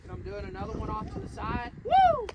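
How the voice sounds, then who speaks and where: A man with a drawl and a fairly high voice teaches dog training outdoors by a pond. He explains patiently between bursts of coaching cheers. He is picked up from some distance, with loud outdoor noise behind him. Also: steady tone, fast.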